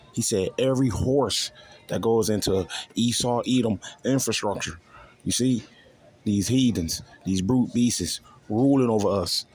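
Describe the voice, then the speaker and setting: A man's voice: fairly low pitch, darkish tone. A man preaching scripture in a crude, profane way, constantly repeating "you see" to his listeners. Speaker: street preacher.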